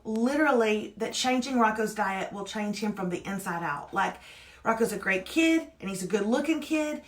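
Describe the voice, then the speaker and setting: A woman, co-hosting a live morning show in animated, playful casual chat. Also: a little high. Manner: animated, playful, quick asides.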